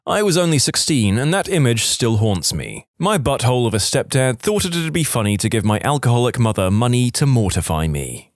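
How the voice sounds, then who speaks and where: A man reading submitted stories aloud in an animated storytelling manner on a close studio mic. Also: medium pitch, a little fast, hardly any pauses, dry recording. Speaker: story narrator.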